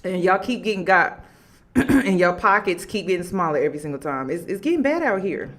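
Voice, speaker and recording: A woman giving casual commentary to her viewers, animated and laughing as she talks. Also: fairly low pitch, fairly quick. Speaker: commentary vlogger.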